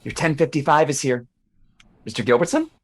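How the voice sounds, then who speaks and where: A man's voice: a little high, fairly quick, close to an everyday voice. A man reading the part of an eager, put-upon young assistant in a play reading, stammering nervously.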